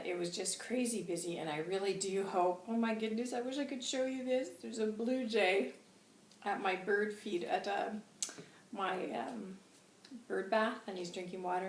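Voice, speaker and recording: A woman's voice: on the low side, vocal fry. A woman hosting a channelling show, chatting casually in a rambling way while chewing gum, her throat dry and sore. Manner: chatty, rambling, self-deprecating. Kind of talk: casual spiritual reading chat. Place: room at home by a window. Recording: roomy, distant mic with faint noise.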